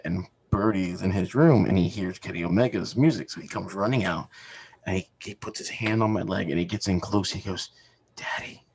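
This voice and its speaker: A man in his thirties with a low-sitting voice co-hosts a podcast, with slight background noise. In casual chat he tells family stories, laughing through them and acting out what relatives said.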